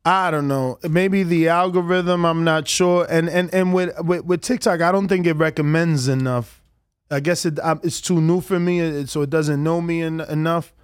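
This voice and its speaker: A man's voice: on the high side, normal speed, clean tone, no room sound, clean studio sound. A man chatting casually about boxing and social media, reading out quotes animatedly. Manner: animated, reads quotes aloud with laughs. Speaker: podcast co-host. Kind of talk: casual chat.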